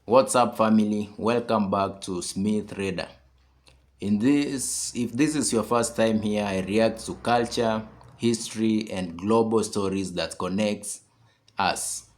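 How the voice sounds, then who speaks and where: Slow, low-voiced man hosting a channel. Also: a little mellow. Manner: slow, measured welcome. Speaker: host of a reaction channel. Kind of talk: direct-to-camera reaction commentary.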